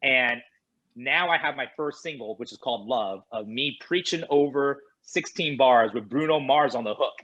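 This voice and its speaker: A man guest on a podcast, telling a lively anecdote and acting out the dialogue of others. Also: mid-range voice, normal speed, rough recording. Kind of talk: animated storytelling in conversation.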